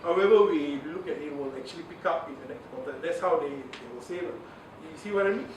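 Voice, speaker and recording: A man's voice: fairly high pitch, a little fast. A man giving a chatty training lecture, full of fillers and asides. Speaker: communications trainer. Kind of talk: informal workshop lecture. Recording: echoey room from far off, faint hiss.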